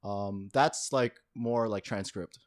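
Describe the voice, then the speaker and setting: A man's voice: on the low side, slow pace. A young man, a university student, talking casually and thoughtfully as a podcast guest, often hedging. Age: young adult. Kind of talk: casual chat.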